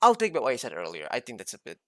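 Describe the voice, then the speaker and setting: A young man streaming, reacting casually and excitably to a presentation, cursing and thinking aloud. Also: mid-range voice, racing, background noise. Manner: excitable, swears, talks to himself in bursts. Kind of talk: casual live reaction commentary.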